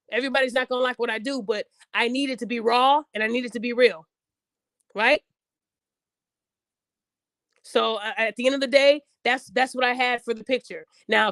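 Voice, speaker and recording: A woman's voice: high voice, fairly bright tone, no echo. A woman hosting her own podcast, talking bluntly and casually, acting out quotes in raised voices. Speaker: podcast host. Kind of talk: casual chat.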